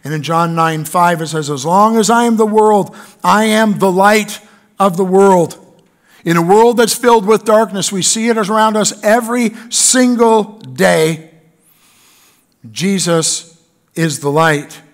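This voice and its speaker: A man's voice: sits high, measured pace. A man preaching a sermon in church, reading scripture aloud and building emphasis on key lines. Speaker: pastor.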